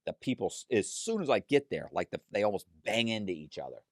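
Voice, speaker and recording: A man telling a story in a casual interview, animated and profane, acting out other people's lines as he goes. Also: lowish voice, quick pace, no room sound, clean studio sound. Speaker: guest telling his story.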